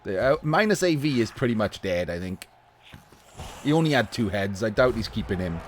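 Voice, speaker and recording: A man giving casual live commentary on a video game match. He talks in a chatty way, laughs often, swears casually, and his voice is getting a little hoarse. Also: lowish voice, very animated, moderate pace, slight background noise. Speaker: esports commentator.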